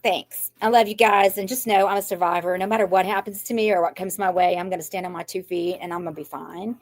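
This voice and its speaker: A craft channel host, an older woman, talks fast with a lowish voice and fairly even intonation during an emotional live chat. Her rambling, anxious talk turns defiantly upbeat, delivered in a shaky voice on the verge of tears.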